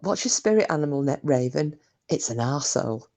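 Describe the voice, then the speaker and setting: A woman with an Australian accent and a low voice hosts a casual live stream. She chats with her viewers and answers them by name, breaking into giggles often. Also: lively intonation, fairly quick, darkish tone.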